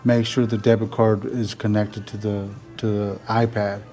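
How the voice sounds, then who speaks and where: Chatty man with a mellow voice. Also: lowish voice, normal speed, soft background music. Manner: rambling, filler-heavy, animated when retelling. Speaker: vlogger. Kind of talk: casual storytelling to camera.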